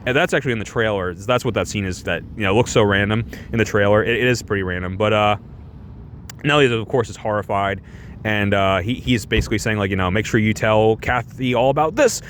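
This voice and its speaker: A man's voice: lowish voice, quick pace, a bit bright, slight background noise. A young man giving a casual, sarcastic movie review on a stream, full of restarts and rhetorical questions.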